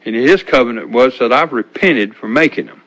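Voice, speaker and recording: An older man preaching an informal sermon in a folksy, halting way, often restarting his sentences. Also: mid-range voice, lively intonation, fairly bright tone, poor audio.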